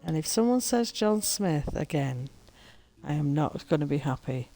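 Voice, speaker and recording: A woman's voice: sits low, animated, normal speed, mellow, soft background music. A woman chatting casually to her viewers as she plays a building game and talks to the characters. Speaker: gaming streamer. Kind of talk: casual gameplay commentary.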